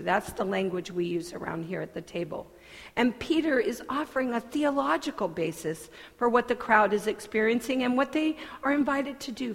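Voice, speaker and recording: A woman pastor delivering a sermon in a church sanctuary, earnest and deliberate, with conversational asides. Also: fairly high pitch. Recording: long hall reverb.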